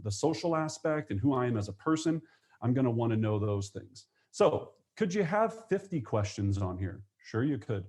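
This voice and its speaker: Energetic male real estate trainer. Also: medium pitch. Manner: energetic, acts out phone calls in quick voices. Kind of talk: live webinar teaching.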